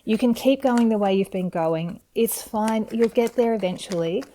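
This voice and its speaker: A woman giving a tarot reading on video, speaking in a gentle, encouraging and enthusiastic way to her viewers. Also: fairly high pitch, normal speed, a little hiss or hum. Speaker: tarot reader. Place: home setup with camera.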